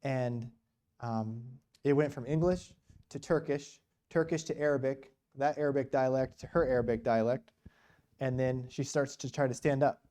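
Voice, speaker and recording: Mellow-voiced man telling a sermon story. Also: medium pitch, fairly even intonation, normal speed. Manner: conversational, full of rhetorical questions and "you know". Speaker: guest speaker at a church. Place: church.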